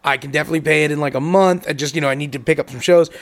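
A man's voice: a little high, fairly even intonation, very fast. A young man on a podcast, telling a long story casually, swearing and acting out both sides of each conversation. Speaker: podcast co-host.

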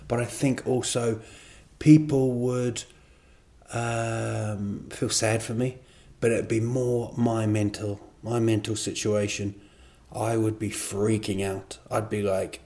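A man with a fairly low voice hosts his own podcast, chatting alone in a loose, meandering way. He pokes fun at himself as he wanders off topic and back again. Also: steady tone, a little slow, darkish tone. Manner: rambling, self-deprecating, digressive. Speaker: comedian and podcast host. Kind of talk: casual solo podcast monologue.

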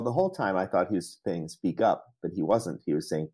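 A middle-aged man with a very low, husky voice tells stories in a relaxed, meandering way. He pokes fun at himself and chuckles as he goes. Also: fairly quick, few pauses. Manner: rambling, self-deprecating, laughs often. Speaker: interview guest, entrepreneur. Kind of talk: casual storytelling interview.

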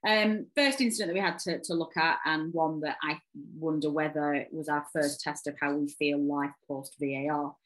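A woman's voice: deep voice, steady tone, normal speed, hardly any pauses, low-quality recording. A woman hosting a casual football podcast, chatting with hesitant ums and restarts. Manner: hesitant, lots of ums, laughs easily. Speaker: podcast host.

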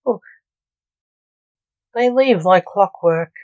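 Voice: medium pitch, animated, drawn-out words, a little mellow, no echo, muffled recording. A woman voicing a matter-of-fact male restaurant waiter. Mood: offhand. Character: middle-aged male restaurant waiter, offhand.

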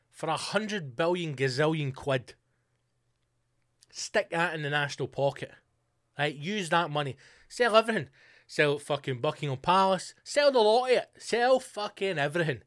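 A man's voice: high-pitched, no room sound, studio quality. Sweary ranting man. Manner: sweary, animated ranting with sarcastic asides. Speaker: podcast host. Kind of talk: solo ranting podcast.

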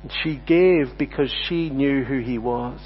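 A man's voice: mid-range voice, unhurried, slight background noise. Earnest preacher man in a reverberant hall. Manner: earnest, repeats words when stressing a point. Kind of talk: sermon. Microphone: lectern mic. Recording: dull audio with long hall reverb.

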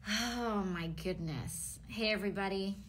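A woman's voice: mid-range voice, measured pace, fairly bright tone, slight background noise. Hesitant woman addressing livestream viewers. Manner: hesitant, many ums.

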